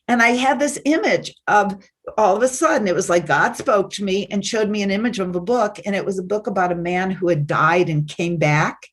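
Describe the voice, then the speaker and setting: Podcast guest, woman, animated storyteller who slips into voices for quoted people. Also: mid-range voice, fairly quick. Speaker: guest, success teacher. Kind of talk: personal storytelling.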